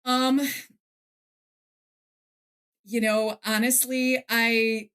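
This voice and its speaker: Woman, middle-aged, from the Detroit area, animated storyteller, laughs often, interview guest. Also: a little high, very slow, clear, resonant tone. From Detroit area, USA. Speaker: author and guest. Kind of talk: casual interview chat.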